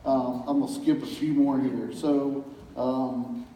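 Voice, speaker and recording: A pastor giving a casual church talk, telling folksy stories with chuckles in a community center hall. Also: male voice, mid-range voice, level tone, slow, warm tone. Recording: roomy hall from far off.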